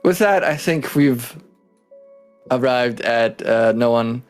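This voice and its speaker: Slow, laid-back male game master. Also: medium pitch, faint music behind. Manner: laughing, swearing, playful teasing. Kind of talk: narrating a tabletop game.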